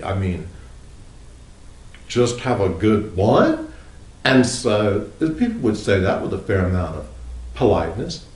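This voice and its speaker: A man with a drawl delivers a dry, humorous monologue, slipping into mocking tones when he quotes people. His voice sits low but swings widely in pitch. The sound carries a noticeable room echo. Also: huge pitch swings, normal speed, a little mellow. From United States. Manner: wry, drawling, quoting others in mock voices. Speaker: writer and commentator.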